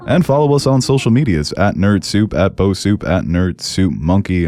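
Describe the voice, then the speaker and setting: A man with a very low, mellow voice hosts a podcast, chatting with enthusiasm and jokes about a show. His voice still carries a rough morning edge. The sound is close and dry. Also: expressive, moderate pace, few pauses, no echo. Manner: enthusiastic, joking. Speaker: podcast host. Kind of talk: casual review chat.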